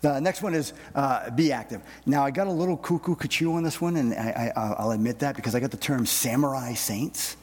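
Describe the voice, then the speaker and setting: A man's voice: medium pitch, brisk, few pauses, a little mellow, breathy edge. A middle-aged man preaching a conversational sermon to his congregation in church, folksy and self-deprecating, often repeating words as he gathers his thoughts. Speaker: pastor. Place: church sanctuary. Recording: long reverb of a large hall.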